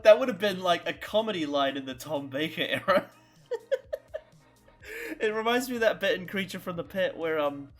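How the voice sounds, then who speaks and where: A host giving casual, rambling reaction commentary, stammering and laughing often between thoughts. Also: mid-range voice. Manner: swears casually.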